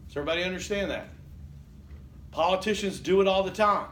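A man's voice: sits high, fast, a bit bright. An older man lecturing a college class in a conversational way, often checking in with "Okay?" and quizzing the students. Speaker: college instructor. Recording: echoey classroom from far off, faint hiss.

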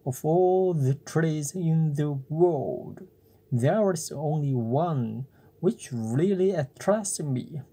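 A cheeky wooden puppet boy talks back with slow, drawn-out defiance, as a storybook reader puts him on. The voice is soft and mellow, never sharp. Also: medium pitch, breathy edge, exaggerated voice. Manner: cheeky, impatient.

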